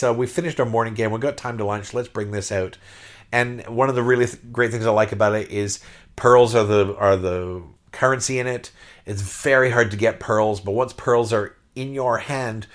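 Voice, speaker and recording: Brief: middle-aged Aussie man, podcast host, lower voice, tumbling animated storyteller. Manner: excitable, repeats words, restarts when carried away. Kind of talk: casual storytelling monologue.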